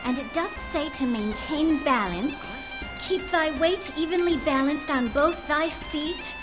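A woman's voice: high-pitched, slow, over music. A woman voicing a polite cartoon girl playing a king, speaking graciously in mock-old English.

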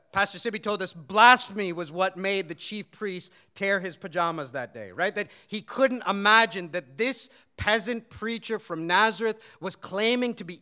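A man's voice: sits high, bright, forceful tone, clean tone. A man preaching an expository sermon, telling the story earnestly and asking his listeners questions. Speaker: pastor.

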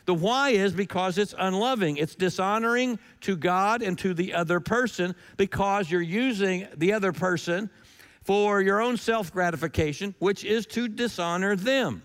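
A man with a notably high voice preaches a sermon with emphasis, driving his points home through repetition and rhetorical questions. His voice rings out with a long reverb, as if in a large hall. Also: moderate pace, clean tone. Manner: emphatic, repeats key lines, rhetorical questions. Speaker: pastor.

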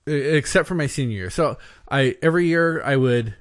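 Deadpan man trading quips on a podcast. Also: fairly high pitch, a little fast. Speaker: podcast co-host. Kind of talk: casual chat.

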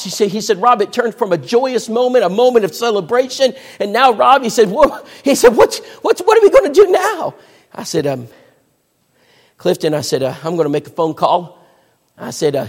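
A man's voice: fairly high pitch, husky. A man preaching a sermon, telling a story and acting out the voices of the people in it. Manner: animated, acts out voices in the story. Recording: echoey hall.

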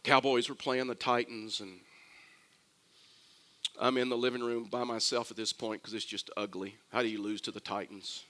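Bright-voiced older preacher, storytelling. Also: male voice, medium pitch, normal speed. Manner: storytelling, animated preaching with asides. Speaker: pastor. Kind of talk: sermon.

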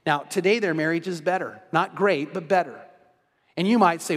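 A man's voice: sits high, a little fast, a bit bright, long reverb tail. A man preaching an earnest evening sermon as pastor, emphatic and repetitive in his phrasing.

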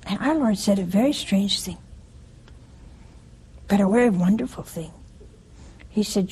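A woman's voice: medium pitch, expressive, measured pace, pauses often, mellow, slightly rough, poor audio. A woman giving a conversational sermon in a homely way, often asking her listeners rhetorical questions. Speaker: preacher.

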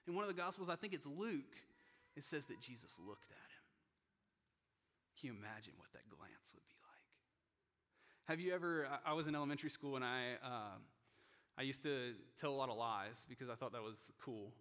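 A pastor preaching a sermon in an earnest, personal way, growing emotional and sinking to a hushed near-whisper at tender moments. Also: male voice, mid-range voice, expressive, normal speed, in a large hall. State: emotional, choking up. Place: church sanctuary.

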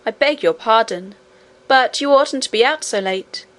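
A woman's voice: fairly high pitch, expressive, moderate pace, a bit bright. A woman voicing a brave, cheerful twelve-year-old miner boy who speaks confidently and matter-of-factly in an audiobook. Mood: firm. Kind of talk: audiobook character reading.

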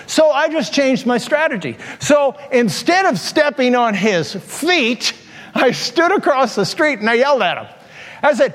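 Animated older pastor telling stories. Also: male voice, very high-pitched, normal speed. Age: 60s. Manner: animated storyteller, laughs at his own stories, acts out taunts. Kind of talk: sermon with personal storytelling. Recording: long reverb of a large hall.

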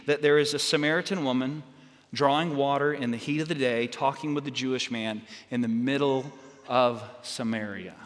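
A man preaching a sermon as pastor, telling stories in a halting way with many restarts and fillers. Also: mid-range voice, a bit bright, in a large hall.

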